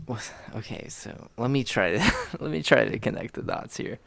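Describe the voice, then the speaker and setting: A young man with a gravelly, mid-pitched voice co-hosts a casual podcast, laughing and prodding with rambling questions. He sounds a little tipsy, and the recording is dry and close. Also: animated, moderate pace, fairly bright tone, dry recording. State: intoxicated. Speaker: podcast co-host. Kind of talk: casual chat.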